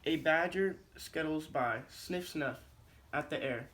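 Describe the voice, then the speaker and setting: A man's voice: on the high side, takes it slowly, fairly bright tone. A male teacher in a classroom reading a picture book aloud in a rhythmic, sing-song way, then giving instructions.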